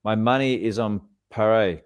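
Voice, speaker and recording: A man's voice: fairly low pitch, moderate pace, clean tone, no room sound. A man co-hosting a live podcast, chatting casually, reading viewer comments aloud and laughing often. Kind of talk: casual live-stream chat.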